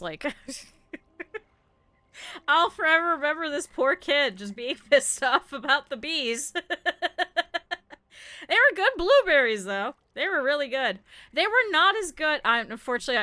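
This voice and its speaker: High bright-voiced woman streamer, rambling. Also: clean tone, dry recording. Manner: rambling storyteller, laughs a lot. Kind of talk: casual chat while gaming.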